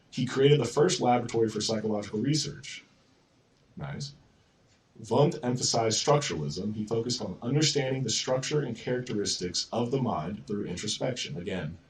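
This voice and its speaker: A young man teaching an intro psychology course from slides, relaxed and casual, with plenty of ums and you-knows. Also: on the low side, far from the mic, a little hiss or hum. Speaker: psychology lecturer.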